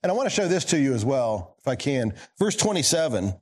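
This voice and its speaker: Preaching briskly in a husky voice with big pitch swings, this male pastor alternates forceful lines with low, hushed asides. He poses questions to the congregation throughout the sermon.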